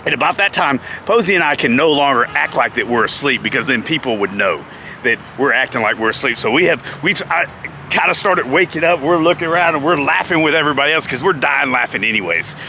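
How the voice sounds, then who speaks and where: A man vlogging outdoors beside a parking lot, telling a story in a lively, laughing way through a lapel mic. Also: medium pitch, quick pace, slight background noise. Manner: animated, laughs often. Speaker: vlogger, former pro wrestler. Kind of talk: casual storytelling.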